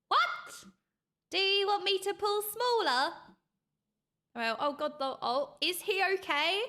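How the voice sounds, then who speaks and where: A woman streamer chatting excitedly with her viewers as she reacts to videos, laughing often. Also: very high-pitched, unhurried. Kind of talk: live-stream reaction chat.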